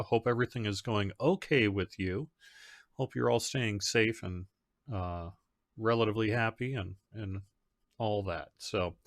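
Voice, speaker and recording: A man's voice: medium pitch, a bit bright, no room sound, studio quality. A man, the community manager of a game, hosting a casual live stream from home; he rambles conversationally, with fillers and restarts. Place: home setup.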